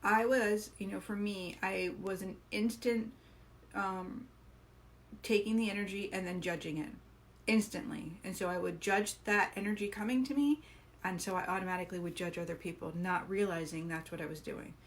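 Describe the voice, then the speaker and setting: A woman's voice: medium pitch, steady tone, normal speed. A woman hosting a live coaching stream, talking earnestly and encouragingly, asking her viewers questions.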